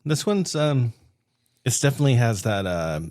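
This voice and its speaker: A man co-hosting a podcast in casual chat, hesitant and halting, with soft laughs. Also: mid-range voice, very animated, dry recording, studio quality. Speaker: podcast co-host.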